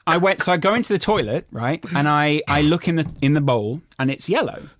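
A young man with a Geordie accent, hosting a podcast and telling an animated story in casual chat. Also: on the high side, a little fast, noisy background. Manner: animated storytelling, acts out both sides of an argument. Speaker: podcast host.

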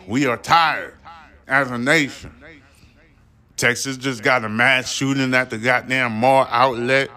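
A man's voice: medium pitch, unhurried, sharp tone. A man hosting a solo podcast, ranting in a heated, profane and defiant way, preaching at his listeners. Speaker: podcast host.

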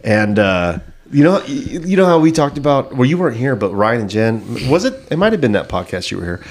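A man's voice: medium pitch, sing-song, brisk. A man hosting a comedy podcast, rambling through stories in loose, profane banter. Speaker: podcast host.

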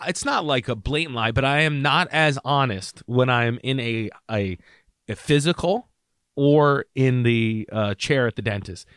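A man's voice: medium pitch, measured pace, clear, resonant tone, dry recording, clean studio sound. A man in his thirties, co-hosting a podcast and telling a story in casual chat, acting out the people he quotes. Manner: animated, acts out quoted voices. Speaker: podcast co-host.

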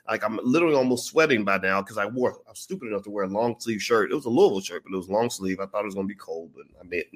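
Fast-talking man telling a story. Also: medium pitch. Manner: animated, profane, acts out quoted voices. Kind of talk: casual storytelling.

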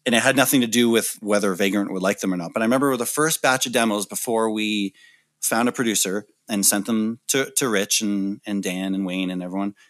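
A man in his thirties, a musician telling stories in a casual interview, lively and acting out the people he quotes. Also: on the low side, fairly quick, no echo. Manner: animated storyteller, acts out quoted voices. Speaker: musician guest.

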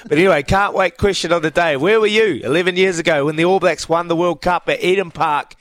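Lively New Zealand radio host, dry studio sound. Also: male voice, high-pitched, quick pace, dry recording. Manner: lively, laughs often, uses bro and mate. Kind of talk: casual radio chat.

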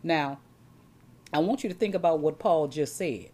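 A woman's voice: low voice, moderate pace, darkish tone. Woman preacher, folksy, often stumbles on repeated words, keeps turning to her congregation. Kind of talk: sermon.

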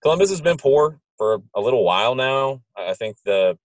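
A man's voice: mid-range voice, lively intonation, a little fast, dry recording, lo-fi sound. A man co-hosting a soccer podcast, giving blunt analysis and often restarting words as he builds his point. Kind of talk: casual sports analysis.

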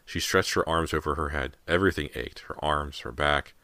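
A man narrating a horror audiobook in a measured storytelling manner. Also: a bass voice, steady tone, sharp tone, no room sound.

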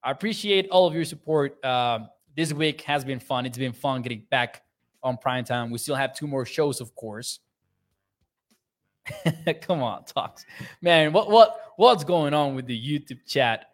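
A man's voice: mid-range voice, measured pace. A young man hosting a sports livestream, reading viewer comments aloud in an upbeat, chatty way and laughing often. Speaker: sports podcast host.

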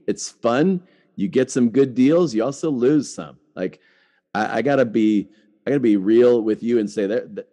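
A middle-aged man with a lowish, mellow voice hosts a podcast. He rambles in a chatty way, dropping "like" often and restarting himself repeatedly.

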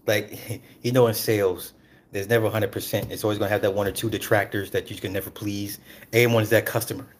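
A man ranting casually and profanely about celebrity gossip, animated and breaking into laughs. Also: on the low side, quick pace. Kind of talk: casual rant.

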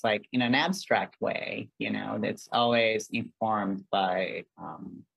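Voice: mid-range voice, vocal fry, a bit bright, dry recording, rough recording. A guest artist talking in a casual interview, earnest and rambling, with lots of "like" and "um.".

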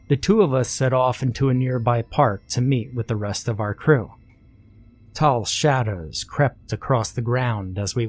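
A man's voice: medium pitch, a little mellow, no echo. Man narrating a creepy story. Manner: conversational, with casual asides.

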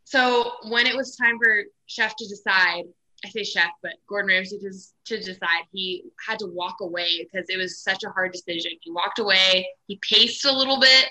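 A young woman being interviewed about her time as a contestant, speaking in a very bright, forceful voice. She tells her story in a chatty, animated way with many fillers and asides. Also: medium pitch, moderate pace, rough recording. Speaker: guest, former reality cooking contestant. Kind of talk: casual interview chat.

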